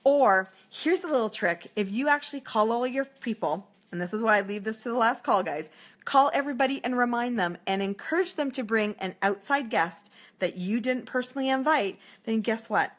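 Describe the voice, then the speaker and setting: A woman's voice: a little high, animated, normal speed. A woman coaching direct sellers in a casual, upbeat livestream talk, breaking into bubbly acted calls to a hostess. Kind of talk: casual coaching talk on a live video stream.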